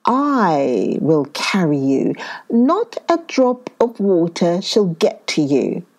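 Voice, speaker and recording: A woman voicing a cunning male shark who is scheming yet friendly and speaks in a smooth, persuasive way. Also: on the low side, big pitch swings, slow pace, darkish tone, heavily acted.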